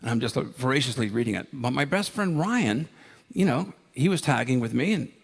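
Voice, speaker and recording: A man's voice: medium pitch, lively intonation, a little fast, vocal fry. Man in his sixties telling stories. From Ohio, United States. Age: 60s. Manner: anecdotal, enthusiastic, with many fillers. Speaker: conference speaker. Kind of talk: storytelling conference talk. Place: conference ballroom.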